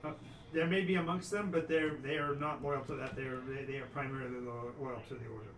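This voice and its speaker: A man narrates as game master of a tabletop game, feeling his way through descriptions with repeated starts. He sits well back from the mic in a reverberant room. Steady background noise runs under his voice. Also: medium pitch. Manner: descriptive, halting with frequent restarts. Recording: echoey room, far from mic, noisy.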